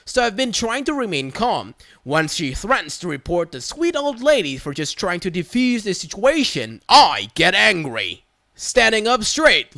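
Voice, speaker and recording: A narrator reading an online story aloud, with lively, animated delivery that swings up and down in pitch. The voice is bright with a gravelly edge. It is recorded close and dry. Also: dry recording.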